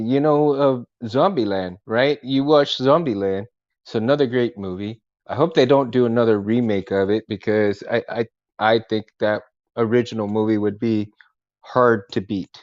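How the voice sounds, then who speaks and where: A man's voice: fairly low pitch, darkish tone, dry recording. Casual male home vlogger, filler-heavy, chuckling; dry, muffled handheld audio. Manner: rambling, laughing, many fillers. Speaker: vlogger and collector. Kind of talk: casual chat to camera. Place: room at home. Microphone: camera handheld while walking.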